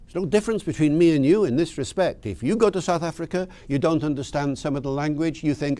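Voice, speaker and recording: A male lecturer speaks with a lively, swooping voice, telling anecdotes and acting out short exchanges. The sound is dry and close, with no room echo. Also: on the high side, a little fast, hardly any pauses. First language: English. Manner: animated storytelling, acts out dialogue. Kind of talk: lecture on language.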